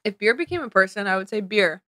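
Young woman chatting on a podcast, says like a lot, bright voice, dry mic. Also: mid-range voice, no room sound. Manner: animated, fast storytelling with lots of "like". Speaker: podcast co-host. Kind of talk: casual chat, storytelling.

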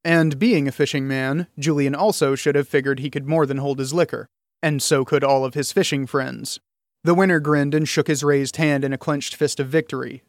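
Male narrator, measured storybook reading, a touch high, dry recording. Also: dry recording. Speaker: audiobook narrator. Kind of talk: scripted narration.

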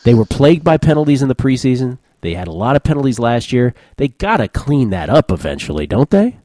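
A man hosting a sports betting podcast, brisk and wry as he leads the picks. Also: mid-range voice, very animated, mellow, no echo. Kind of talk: casual sports betting talk.

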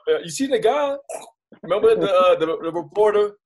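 A young man from Baltimore with a Baltimore accent, a news reporter telling stories as an interview guest in a rambling, animated way with many restarts. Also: sits high, a little fast, a crowd in the background, low-quality recording. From Baltimore, United States. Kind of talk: casual storytelling in an interview.

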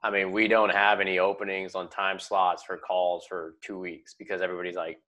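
A man's voice: low voice, flat delivery, a little fast, bright, forceful tone. A man hosting a podcast, explaining student loan planning in an upbeat, casual way with many fillers. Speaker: podcast host, loan advisor.

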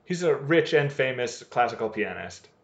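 A man's voice: medium pitch, animated, normal speed, roomy sound, highs cut off. Sweary, jokey man in casual chat. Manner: sweary, jokey, retells scenes doing the characters' lines. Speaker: podcast co-host. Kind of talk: casual chat recapping a TV episode.

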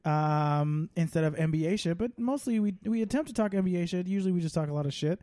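A man's voice: high-pitched, fast talker, warm tone, dry recording, clean studio sound. A man hosting a podcast, trading crude jokes in casual chat. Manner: joking, crude banter. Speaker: podcast host.

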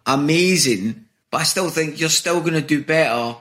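A man's voice: fairly high pitch, normal speed, a bit bright. Rambling self-deprecating Scottish man. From Scotland. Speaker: comedian guest. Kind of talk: casual chat. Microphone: video call.

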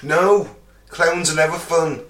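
A man's voice: on the high side, fairly even intonation, slow, fairly bright tone, a little hiss or hum. A man co-hosting a casual comedy podcast, swearing freely, laughing often and playing up mock outrage. He is recorded from a distant mic in a roomy space. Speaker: podcast co-host.

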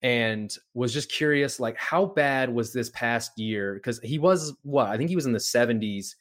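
A man hosting a sports podcast, asking questions in a relaxed, loose way. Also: mid-range voice, moderate pace. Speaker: podcast host. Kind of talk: casual podcast interview.

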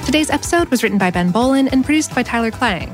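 Crisp podcast host, woman. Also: on the high side, animated, quick pace, music in the background. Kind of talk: scripted podcast intro.

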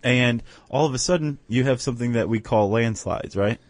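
A man's voice: mid-range voice, moderate pace, no room sound. A man co-hosting a podcast, explaining step by step in casual chat and often checking in with "right?". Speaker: podcast co-host.

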